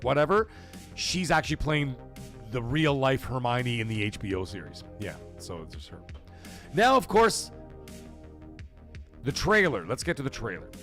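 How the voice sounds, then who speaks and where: A man's voice: mid-range voice, fairly bright tone. A man hosting a livestream, chatting casually and profanely in a rambling way while reading chat messages. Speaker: livestream host.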